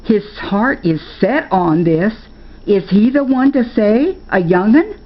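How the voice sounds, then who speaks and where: A woman's voice: medium pitch, animated, takes it slowly, lo-fi sound, voice pushed up. An older woman voicing a stern, fretful old grandmother who scolds in rustic dialect. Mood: scolding.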